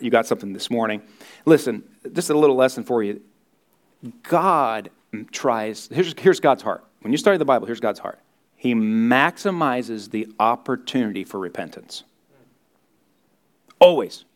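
A man preaching a Sunday sermon as pastor, earnest, dropping to hushed tones in prayer and rising for emphasis. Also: mid-range voice.

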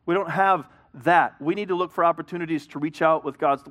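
A man's voice: fairly high pitch, brisk, a bit bright. A middle-aged man, a pastor, preaching a sermon in an earnest, conversational way, telling a story and acting out both sides of a talk.

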